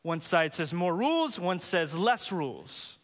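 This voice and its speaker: Male pastor, emphatic sermon delivery, high bright voice, reverberant hall sound. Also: very animated, measured pace. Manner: emphatic, rising in intensity.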